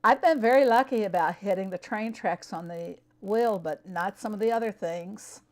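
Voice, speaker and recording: This woman has a mid-range voice and talks at a normal speed. While streaming a farming game, she chats casually with her audience, replying to viewers by name and laughing often.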